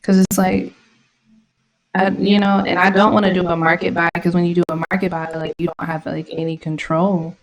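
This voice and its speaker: A woman's voice: lowish voice, level tone, normal speed, crowd noise, low-quality recording. A woman vlogging her trades in casual live commentary, slangy and irritated, swearing often. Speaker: trading vlogger.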